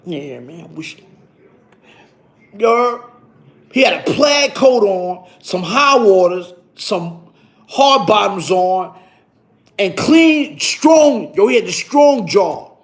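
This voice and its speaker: A man telling a story on his vlog in an animated, boastful way, full of slang and repeated phrases. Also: high-pitched, takes it slowly. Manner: slang-heavy, repetitive, boastful.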